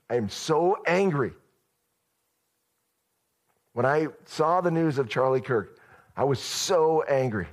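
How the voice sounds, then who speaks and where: A man preaching a sermon as pastor, in an easy, conversational way. His voice sits at a middle pitch and he tells the story directly to his church.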